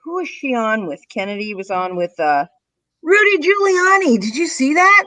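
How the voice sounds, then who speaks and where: A woman in casual political chat, retelling a TV exchange in an animated way and acting out the quotes. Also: high voice, normal speed, no room sound. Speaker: show panelist.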